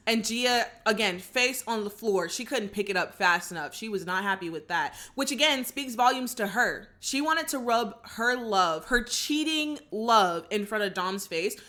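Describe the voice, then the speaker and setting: A woman chats through a movie recap with a bright, forward voice, opinionated and animated. She jumps into the characters' lines as she retells them. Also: medium pitch, moderate pace. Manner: opinionated, chatty. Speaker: channel host. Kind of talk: casual movie reaction recap.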